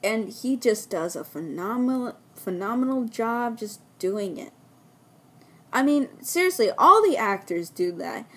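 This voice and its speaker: Female reviewer with a somewhat high, strained voice; eager, rambling casual delivery. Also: expressive, measured pace, a bit bright, husky. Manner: enthusiastic, rambling with frequent restarts. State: losing her voice. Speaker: film reviewer. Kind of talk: casual spoken film review.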